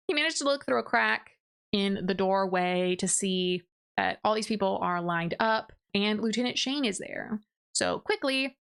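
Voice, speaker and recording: A woman book reviewer retells a story in a relaxed, chatty way. Her voice is smooth and clear, sitting at an ordinary middle pitch. She keeps things moving with quick asides and little impressions of the characters. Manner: briefly mimics characters' lines. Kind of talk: casual plot recap.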